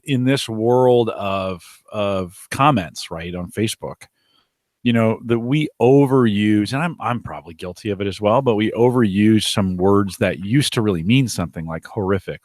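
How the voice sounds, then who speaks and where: A man in casual podcast chat, his voice sitting a little low. He rambles and restarts his sentences, recorded close and dry with no room sound. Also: normal speed, a little mellow, no room sound. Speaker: podcast co-host.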